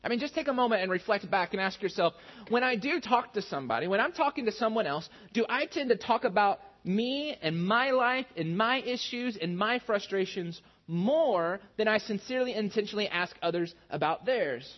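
A man's voice: high-pitched, expressive, moderate pace. Man preaching a conversational sermon. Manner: conversational, self-deprecating storytelling. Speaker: pastor. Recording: muffled lo-fi sound.

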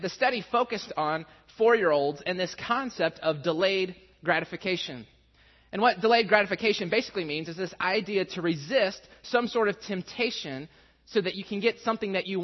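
A man in his thirties preaches in a large hall, telling a self-mocking personal story in a fairly high voice. The sound is dull and carries a long reverb. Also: moderate pace. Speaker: pastor.

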